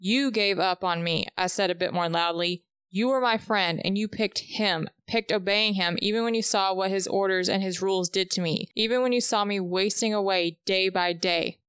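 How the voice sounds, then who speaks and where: A woman reading aloud a chapter-by-chapter recap of a novel, with the dialogue read in a steady, even pace. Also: lowish voice, normal speed, few pauses, smooth, no echo, studio quality.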